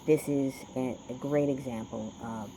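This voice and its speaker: A man's voice: mid-range voice, fairly even intonation, unhurried, background noise. A man rambling through a spiritual card reading, swearing often and lecturing his listeners. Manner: profane, preachy, talks to himself. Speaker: spiritual vlogger doing a reading.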